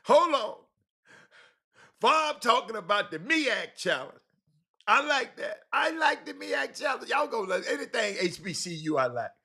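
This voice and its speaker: A man hosting a casual live stream, reading viewer comments and talking animatedly, jumping from shouts to mutters and repeating himself. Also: very high voice, very animated, unhurried. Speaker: host reading live chat.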